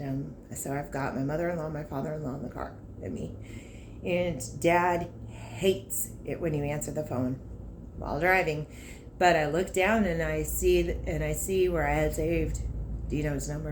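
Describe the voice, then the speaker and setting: A woman's voice: low-pitched, a little mellow, a little hiss or hum. A woman, a car salesperson talking candidly and emotionally about her work in a casual vlog. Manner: candid and emotional, with laughs and frank asides. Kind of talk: casual personal vlog talk.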